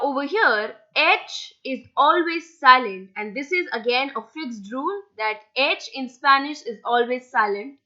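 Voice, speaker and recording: Teaching beginners Spanish with slides, a young tutor spells each word out patiently, one letter at a time. Her voice is high-pitched and sharp, and the recording has its highs cut off.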